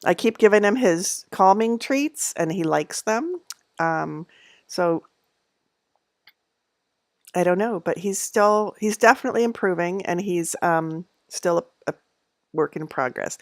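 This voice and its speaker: A woman's voice: a little slow, long pauses, dry recording, studio quality. A middle-aged woman chatting casually at home on a livestream, rambling with many fillers and small laughs. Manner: coos in a high voice at her cats. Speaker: knitting channel host.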